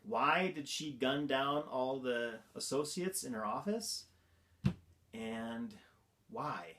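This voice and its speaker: A man's voice: mid-range voice, slow pace, fairly bright tone. A man hosting a vlog, giving a casual movie review in an amused, incredulous manner and laughing often. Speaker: vlog host.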